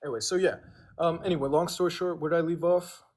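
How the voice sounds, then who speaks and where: A man's voice: a little high, fairly even intonation, quick pace, darkish tone. A young man telling a long personal story on a livestream, rambling and backtracking, acting out what others said.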